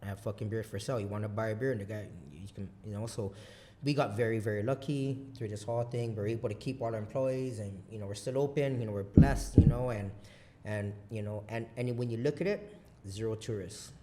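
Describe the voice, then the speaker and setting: A man from Guam, a business owner guesting on a podcast, telling stories in casual chat, swearing a lot and talking in an animated way. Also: on the low side, fairly quick, slight background noise. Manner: profane, animated storyteller.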